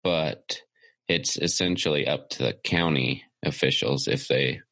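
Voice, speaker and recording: A man with a very deep, gravelly voice co-hosts a casual podcast. He sounds laid-back and dry, as though he just woke up. The recording is close with no room echo. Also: unhurried, fairly bright tone. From California. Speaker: podcast co-host.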